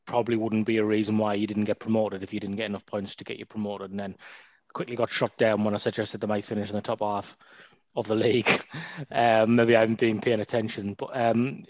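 A man's voice: on the low side, no room sound, dull audio. A man hosting a football podcast, chatty and teasing toward his guest. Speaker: podcast host. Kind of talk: casual podcast chat.

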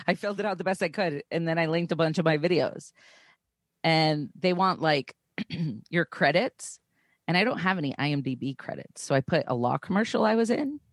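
A woman's voice: low voice, lively intonation, normal speed, no room sound. A young woman co-hosting a podcast, chatty and self-deprecating, swearing casually as she talks. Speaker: podcast co-host. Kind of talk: casual chat.

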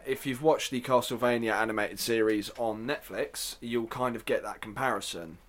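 A man hosting a casual solo podcast, chatty and self-deprecating, with joking asides. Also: on the low side. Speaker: podcast host.

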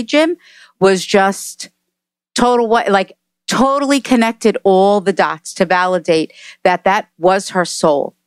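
A woman, a medium, giving an emphatic, animated spirit reading on a podcast. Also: mid-range voice, no room sound. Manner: emphatic and animated, repeating messages. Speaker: psychic medium.

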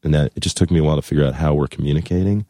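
Casting: very low, dark-toned man, loose jokey podcast guest, dry close sound. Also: very fast, no echo. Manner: rambling, jokey, acts out other people's voices. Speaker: musician guest. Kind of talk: casual podcast chat.

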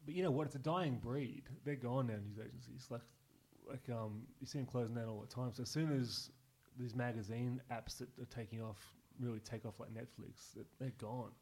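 A man's voice: medium pitch, normal speed, gravelly, a little mellow, husky. Swearing man telling stories. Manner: swears often, laughs through stories. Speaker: guest. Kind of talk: casual podcast chat.

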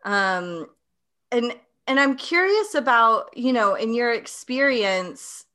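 A woman hosts a casual interview and asks her questions slowly. Her voice sits a bit high with a bright, forward edge. She laughs often between questions. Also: expressive. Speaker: podcast host.

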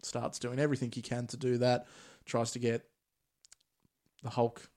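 A man's voice: mid-range voice, moderate pace. Chatty man recapping a movie. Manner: recaps plot in a relaxed, chatty way with Australian slang. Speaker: podcast host. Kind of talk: casual movie recap chat.

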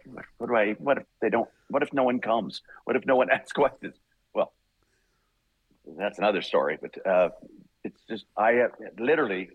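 A male voice actor being interviewed, telling animated, rambling stories and laughing often. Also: lowish voice, husky, dry recording, muffled recording. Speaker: voice actor guest. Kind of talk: casual interview storytelling.

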